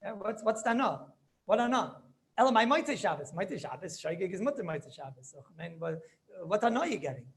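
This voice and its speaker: Gravelly rabbi teaching with Yeshivish lilt. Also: male voice, high-pitched, very animated, quick pace. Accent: Yeshivish English. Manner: storytelling, repeats phrases, asks students questions. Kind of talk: animated Torah class with Yiddish and Hebrew terms.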